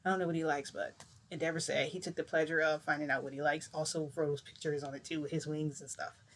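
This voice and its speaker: A woman's voice: low-pitched, fast. A young woman casually telling a long story, rambling and acting out what everyone said. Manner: rambling, animated retelling with acted-out quotes and mild swearing. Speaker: vlogger telling a shifting story.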